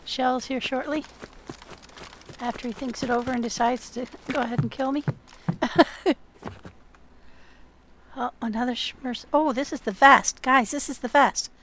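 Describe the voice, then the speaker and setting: Friendly higher-pitched woman gamer. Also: fairly even intonation, unhurried, long pauses, a bit bright, a little hiss or hum. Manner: friendly, chatty, many "um" fillers. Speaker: gameplay video host. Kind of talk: gameplay commentary and in-game voice chat.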